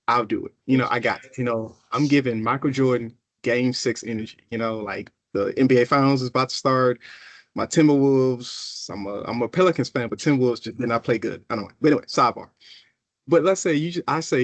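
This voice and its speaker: A man presenting a workplace training in a casual, animated way, acting out coworkers' voices as he goes. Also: medium pitch, brisk, no echo. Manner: animated, conversational, acts out coworkers. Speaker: equity officer presenting a workshop.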